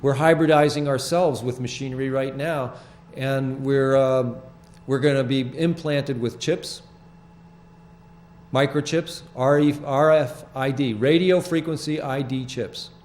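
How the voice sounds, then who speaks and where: An older man hosting a small public-access TV show, explaining his photographs in halting, rambling, earnest talk from the studio. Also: medium pitch, steady tone, darkish tone, a little hiss or hum. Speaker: show host presenting his sky photographs.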